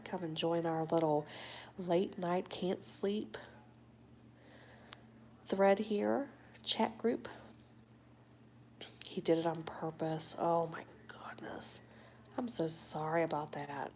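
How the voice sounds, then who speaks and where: Soft-spoken woman, low voice, half-whispered. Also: slight background noise. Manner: warm, affectionate toward viewers. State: sleepy but awake. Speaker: livestream host. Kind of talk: late-night livestream chat, reading viewer comments.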